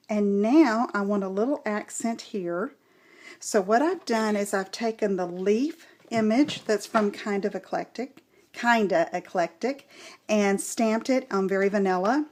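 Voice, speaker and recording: A woman hosting a craft tutorial, gently explaining each step as she works. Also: medium pitch.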